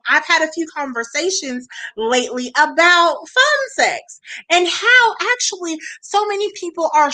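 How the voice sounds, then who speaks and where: A woman's voice: high voice, sharp tone. A woman in her forties hosting a radio show, chatting casually, laughing often and talking straight to her listeners. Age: 40s. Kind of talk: casual chat.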